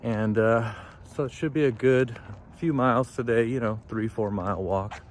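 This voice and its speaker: A man's voice: medium pitch, moderate pace. Upbeat man vlogging on a walk. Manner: upbeat, motivational, talks while walking and jogging. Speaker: fitness and mindset vlogger. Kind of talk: motivational walking vlog. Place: outdoor trail beside a busy road. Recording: clear traffic noise outdoors. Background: traffic noise.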